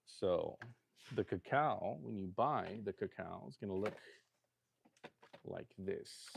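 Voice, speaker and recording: A man's voice: sits low, takes it slowly, gravelly, pauses often, noisy background. A middle-aged man from Southern California chatting loosely and jokingly on a livestream from his home kitchen. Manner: loose, rambling and jokey. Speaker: livestream host. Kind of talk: casual livestream chat while cooking.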